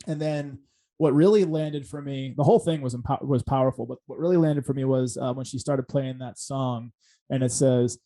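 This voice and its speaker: Earnest man, mellow podcast host. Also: medium pitch, fairly even intonation, normal speed. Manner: earnest, reflective, many fillers and restarts. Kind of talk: casual podcast conversation.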